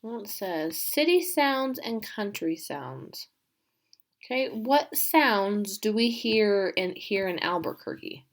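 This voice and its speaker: A woman teacher giving a remote class, reading a story aloud and asking her pupils questions in an animated way. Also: mid-range voice, slow.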